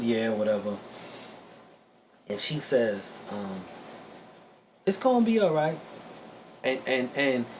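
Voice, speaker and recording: Podcast co-host, male, average pitch, halting and reflective, noisy recording. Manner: halting, repeats words, soft-spoken and reflective. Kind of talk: casual chat. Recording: audible background noise.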